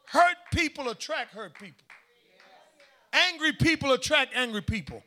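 A man with a high, bright voice preaches a sermon in a church. He pushes his lines out hard, then drops to hushed asides, and calls on the crowd to answer him. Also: very animated, normal speed. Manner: emphatic call-and-response preaching, swinging from shouts to hushed asides.

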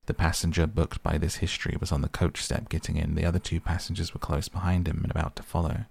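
A man narrating a classic novel as an audiobook in a measured, steady way. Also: deep voice, creaky, husky. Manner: measured, even storytelling.

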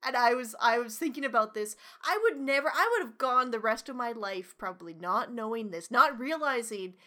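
A woman's voice: fairly high pitch, animated, fairly quick, sharp tone. A woman co-hosting a podcast in casual chat, ranting animatedly with lots of swearing and laughter. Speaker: podcast co-host.

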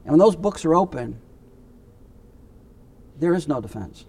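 A man's voice: on the high side, animated, unhurried, creaky, mellow. A man teaching a Bible class in a conversational, emphatic way, often repeating his points.

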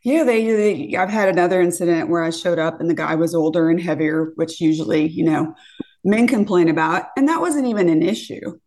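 A woman in her fifties telling a dating story in casual chat, acting out what people said with lively jumps in pitch. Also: a little fast. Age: 50s. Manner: animated, acts out quotes with lively pitch jumps. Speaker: podcast guest.

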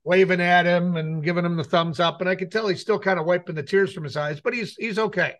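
Middle-aged man, light high voice, casual co-host who tells long anecdotes and plays out the dialogue himself. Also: fairly even intonation, fast, fairly bright tone. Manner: rambling anecdote with acted-out quotes. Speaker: radio show co-host. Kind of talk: casual storytelling chat.

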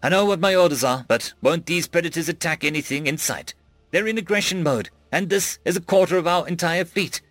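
A man's voice: a little high, brisk, a bit bright, no room sound, soft background music, voice pushed up, lightly acted. Man voicing a stammering, panicky alien captain. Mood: frightened. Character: timid stammering alien male starship captain.

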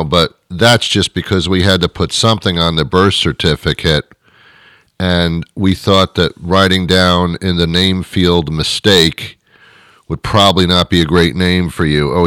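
A man's voice: sits low, unhurried, no room sound. Rambling man hosting a dry monologue. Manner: rambling, self-mocking, drifts between quiet asides and louder rants. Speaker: host.

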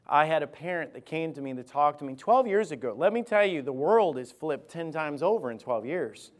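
Male lead pastor, fairly high voice, passionate sermon delivery with emphatic repetition, recorded in church. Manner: impassioned, repeats key phrases for emphasis. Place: church sanctuary.

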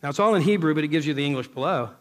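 High-voiced, emphatic male preacher. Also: lively intonation, rapid-fire. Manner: emphatic, swings from loud exclaiming to low intense delivery; quotes scripture and retells stories in others' voices. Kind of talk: sermon.

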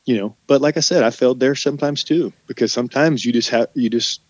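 A man's voice: medium pitch, fast talker, dry recording. Candid rambling man, dull dry sound. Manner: rambling, candid, swears casually. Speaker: former restaurant manager. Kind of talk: casual conversation.

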